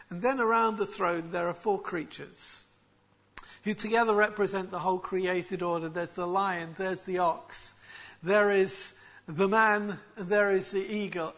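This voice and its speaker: High, bright-voiced male preacher. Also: highs cut off. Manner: expository, emphatic, with frequent restarts. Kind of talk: sermon.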